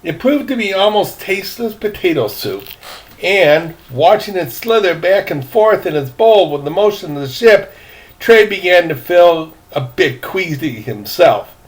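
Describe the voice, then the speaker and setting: A man's voice: sits high, big pitch swings, a little slow. An older man reading a novel aloud, folksy, stopping for chatty asides to the listener. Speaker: reader, storyteller.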